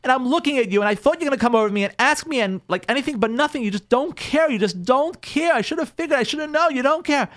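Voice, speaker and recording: A man's voice: very high voice, animated, quick pace, hardly any pauses, fairly bright tone, voice pushed up. A man voicing a hurt, exasperated young newlywed wife, firing off pleading, accusing questions.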